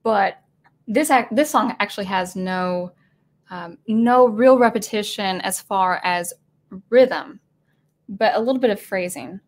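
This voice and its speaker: A woman's voice: medium pitch, measured pace. A woman teaching music composition in a casual video lesson, thinking aloud with many fillers and restarts, her throat getting dry. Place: at home with a digital keyboard.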